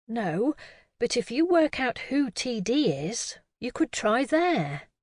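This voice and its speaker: Fussy worried older lady, woman narrator doing her, insistent, pitch jumps all over. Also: very animated, takes it slowly, no room sound, clean studio sound, heavily acted. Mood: fretful. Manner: fretful and insistent.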